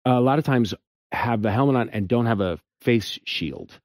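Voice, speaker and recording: Male actor guest, mid-pitched voice, halting and restarting, dry close sound. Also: darkish tone, dry recording. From lives in New York. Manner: halting, self-interrupting storyteller. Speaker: actor, talk show guest. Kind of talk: casual chat.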